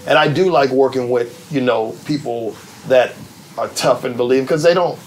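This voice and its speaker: A middle-aged man, a TV writer and producer, telling backstage stories in a relaxed, animated way, laughing as he goes and acting out the people he quotes. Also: mid-range voice, moderate pace, slight background noise, rough recording. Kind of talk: casual anecdotal storytelling.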